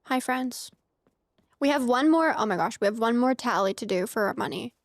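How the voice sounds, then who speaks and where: A woman's voice: fairly high pitch, lively intonation, normal speed, no echo, clean studio sound. A young woman from the United States chatting casually with her viewers while streaming a game, giggly and full of filler words. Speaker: streamer playing a farming game.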